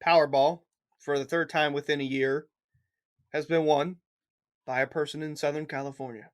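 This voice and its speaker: A man's voice: fairly high pitch, fairly even intonation, normal speed. A man co-hosting a podcast, wry and teasing in casual chat. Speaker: podcast co-host.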